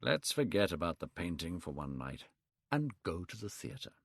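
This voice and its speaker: A man's voice: low-pitched, big pitch swings, moderate pace, gravelly, a bit bright, no room sound, pitched below the performer's own voice, exaggerated voice. A man doing a cool, cynical aristocrat. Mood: dismissive. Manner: cool, dry. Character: witty, cynical aristocratic gentleman.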